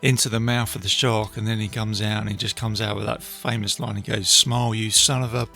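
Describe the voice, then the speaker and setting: Gravelly, bright-voiced man chatting about films. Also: on the low side, flat delivery, fairly quick, faint music behind. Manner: chatty, retelling scenes with many fillers. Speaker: podcast host, film reviewer. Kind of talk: casual solo film review. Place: beach outdoors.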